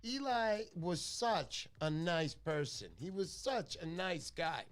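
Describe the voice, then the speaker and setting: A man hosting a casual fishing livestream, chatty and excitable, thanking viewers by name. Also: a little high, takes it slowly. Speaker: livestream host.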